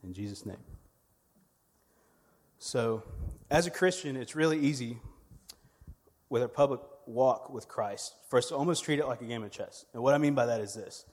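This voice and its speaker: A man's voice: mid-range voice, normal speed, darkish tone, in a large hall. A man, delivering a sermon as a church media director, conversational and humorous with storytelling. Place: church sanctuary.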